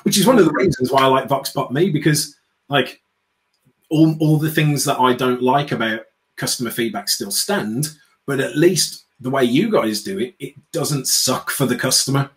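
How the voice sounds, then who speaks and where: A man's voice: medium pitch, moderate pace, low-quality recording. An outspoken man from the UK with a British accent, a guest in an interview, talking sarcastically and acting out little quotes. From United Kingdom. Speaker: guest, customer experience speaker. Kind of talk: animated interview chat.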